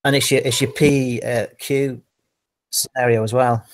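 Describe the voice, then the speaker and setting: A man's voice: medium pitch, level tone, measured pace. A man in casual online chat, explaining points carefully with hesitant repeats.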